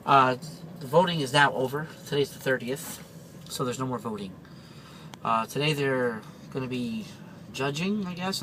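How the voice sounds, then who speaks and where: Bright-voiced chatty trucker. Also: male voice, medium pitch, a little hiss or hum, rough recording. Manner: rambling, chatty, with many fillers and restarts. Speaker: truck driver. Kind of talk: casual storytelling vlog.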